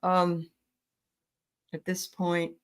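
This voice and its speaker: Give me a flustered woman host on a video call with a fairly low voice. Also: completely flat delivery, very slow, clear, resonant tone. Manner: flustered, apologetic, laughs easily. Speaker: channel host. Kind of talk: live-stream chat.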